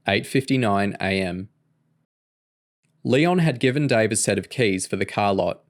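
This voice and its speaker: A man reading a novel aloud in an even, steady narration. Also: on the low side, a little slow, long pauses. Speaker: audiobook reader.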